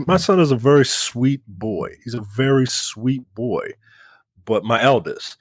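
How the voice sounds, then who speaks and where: A man in his thirties co-hosting a casual podcast chat, telling long animated stories with lots of restarts. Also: mid-range voice, unhurried, no echo, studio quality. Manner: rambling, animated storytelling with restarts. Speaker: podcast co-host.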